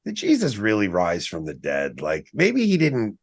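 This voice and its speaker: A man's voice: lowish voice, normal speed, vocal fry. A man in his forties telling a personal story in casual podcast conversation, acting out what he once said. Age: 40s. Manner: animated, acts out his own past quotes.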